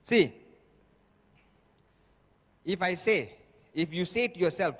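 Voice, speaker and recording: A man's voice: high voice, animated, slow, long pauses, fairly bright tone. A man giving an emphatic motivational sales training talk, repeating himself and checking in with the audience again and again. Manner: emphatic, repetitive, constant "okay?" checks with audience. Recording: echoey hall.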